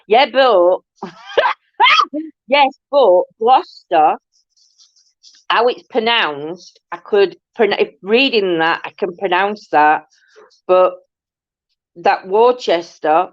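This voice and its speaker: A woman rambles through a casual live-stream chat, hopping between topics and laughing easily. Her voice sits at a middling pitch. The sound is dry and dull, like a lo-fi home setup. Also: slow pace, pauses often, no echo. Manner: rambling, chatty, breaks into frequent laughter. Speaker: host.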